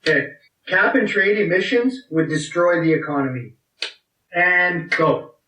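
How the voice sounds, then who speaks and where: A man's voice: on the high side, expressive, a little slow, sharp tone. A man hosting a casual podcast game, blunt and profane, reading quotes aloud to the players. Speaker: podcast host running a quiz game. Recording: roomy, distant mic, faint noise.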